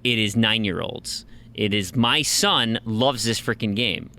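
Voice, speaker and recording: A man's voice: lowish voice, measured pace. A man in his thirties, co-hosting a casual podcast and acting out the quotes in his stories. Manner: animated storyteller, acts out quotes. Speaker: podcast co-host. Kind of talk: casual chat.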